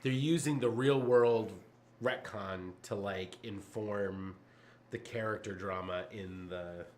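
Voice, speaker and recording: A man co-hosting a casual comics podcast, mostly giving short reactions and unhurried remarks. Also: fairly low pitch, a little mellow. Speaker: podcast co-host. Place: game store.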